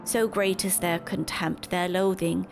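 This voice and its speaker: A woman's voice: lowish voice, fairly even intonation, measured pace, creaky, music in the background. A woman voicing an old birdlike female keeper of tales, telling a legend in broken, formal speech. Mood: storytelling.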